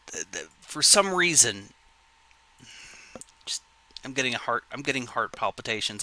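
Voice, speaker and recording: A man's voice: mid-range voice, lively intonation, normal speed, pauses often, sharp tone. A man streaming games live, muttering in frustration as his setup keeps failing. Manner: frustrated muttering over technical trouble. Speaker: game streamer.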